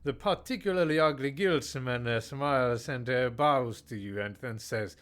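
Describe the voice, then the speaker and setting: A man with a smooth, fairly bright, mid-range voice plays a text strategy game at a moderate pace. He reads the text out and comments uncertainly, with many fillers, false starts and joking decrees like a pretend tyrant.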